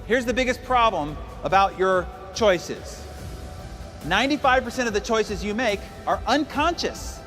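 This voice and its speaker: High-voiced emphatic male motivational speaker. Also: fairly bright tone. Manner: emphatic, storytelling with acted quotes. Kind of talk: motivational speech. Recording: long hall reverb with faint music.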